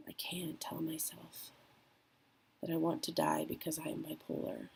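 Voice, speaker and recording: A young woman speaking candidly and emotionally in a personal vlog, with trailing pauses. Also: sits low, little pitch movement, vocal fry, a little mellow, slight background noise, rough recording. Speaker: vlogger.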